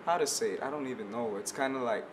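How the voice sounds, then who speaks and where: A man's voice: medium pitch, quick pace, background noise. A young man from Belize, a musician guest on a radio talk show, chatting easily and often restarting as he searches for words. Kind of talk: casual radio interview.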